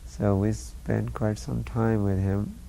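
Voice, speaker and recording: Gravelly, flat-voiced man reminiscing. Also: fairly low pitch. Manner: earnest, halting recollection with fillers. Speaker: disciple recalling memories. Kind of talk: spoken reminiscence. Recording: faint background hiss.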